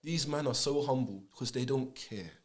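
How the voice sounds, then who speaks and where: A man's voice: mid-range voice, normal speed. Earnest man making his point. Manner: earnest, reasoning aloud in street slang. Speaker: podcast speaker. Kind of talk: casual podcast conversation.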